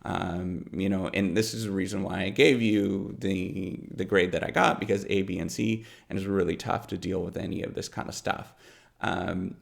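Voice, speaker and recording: A man's voice: deep voice, fairly even intonation, moderate pace, creaky. A middle-aged man, a professor, giving rambling unscripted advice with lots of fillers and repeated words. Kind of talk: unscripted advice talk to camera.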